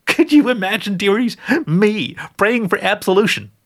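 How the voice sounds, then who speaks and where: A man's voice: sits high, normal speed, a bit bright, voice pushed up. A man voicing a fussy, motherly old witch woman who calls everyone dearie in a sing-song way. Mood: doting.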